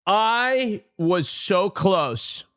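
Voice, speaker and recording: A man streaming and reacting to clips, chatty and thinking out loud. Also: high-pitched, very slow, clean tone, no echo, clean studio sound. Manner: chatty, animated, wondering aloud. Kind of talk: casual live-stream commentary.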